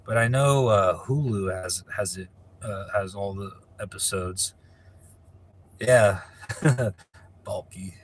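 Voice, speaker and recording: A man's voice: on the low side, slow pace. A man from California chatting casually on a live stream, reading viewer questions aloud and answering in a rambling, profane way. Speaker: livestreamer answering viewer chat.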